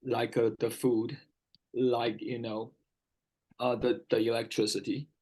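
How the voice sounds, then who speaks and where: A man's voice: mid-range voice, level tone, unhurried, a little mellow, low-quality recording. A man tutoring English one-on-one, patiently repeating key words and often checking whether his student understands. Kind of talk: one-on-one vocabulary lesson.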